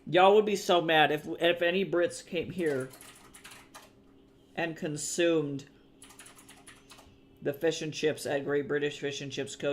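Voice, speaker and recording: Man from the US, high voice, casual stream chat, swears a lot, keyboard clicks behind. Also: steady tone, slow pace, pauses often, a little hiss or hum. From United States. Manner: chatty, swearing freely, reacting to chat. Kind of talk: casual livestream chat with viewers.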